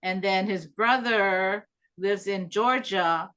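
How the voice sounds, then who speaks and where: A woman's voice: medium pitch, slow pace. A middle-aged woman from Hawaii with a light pidgin-tinged accent, casually telling family stories and laughing often. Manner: laughs often, animated when quoting family. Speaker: interviewee. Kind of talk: casual storytelling.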